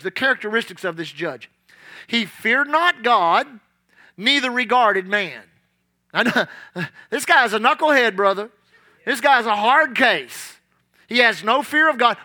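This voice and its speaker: A man's voice: high-pitched, animated, fairly quick, sharp tone. A man preaching a sermon, emphatic and storytelling, repeating his key lines.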